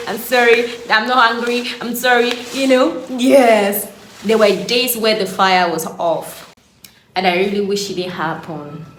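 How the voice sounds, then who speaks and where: A woman in her late twenties, an animated faith vlogger who laughs often as she shares her story. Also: fairly low pitch. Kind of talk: casual devotional vlog. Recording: echoey room, faint background hum.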